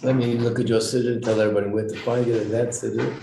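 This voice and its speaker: A man with a mid-range, level voice races through an informal religious class, explaining customs, quizzing the students and often clearing his throat. The small class sits in an echoey room, and the recording has roomy echo with faint noise.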